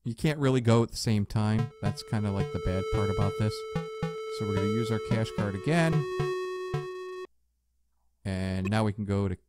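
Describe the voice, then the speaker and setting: A man casually commenting as he plays an old adventure game, relaxed and chatty, with jokey asides. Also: lowish voice, normal speed, long pauses, over loud music. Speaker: let's play host.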